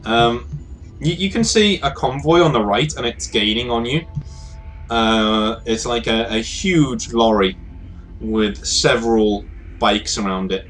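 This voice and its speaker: A man narrating as game master in a halting way, with many fillers and restarts. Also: mid-range voice, a bit bright, soft background music.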